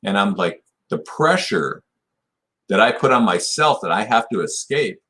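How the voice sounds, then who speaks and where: Interviewed on a podcast, a martial arts black belt in his sixties speaks at normal speed in a lowish voice that's pushed and bright, with lively intonation. His long story rambles along, full of "you know" and restarts.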